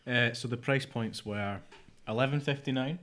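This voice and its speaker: A man's voice: medium pitch, moderate pace, fairly bright tone. A man, co-hosting a casual podcast chat, rambling and dropping into mutters. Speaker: podcast co-host.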